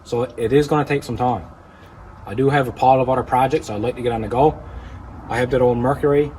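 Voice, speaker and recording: A man's voice: mid-range voice, fast, darkish tone, a little hiss or hum, low-quality recording. A man with a Newfoundland accent chatting casually in a vlog about flipping cars, plain-spoken with dry humour. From Newfoundland, Canada. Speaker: car-flipping YouTuber.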